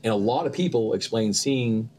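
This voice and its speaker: An actor and producer appears as a guest in a casual interview chat, his voice on the low side at a moderate pace, with a little hiss or hum. He's an animated storyteller who acts out quotes with laughter as he tells his stories.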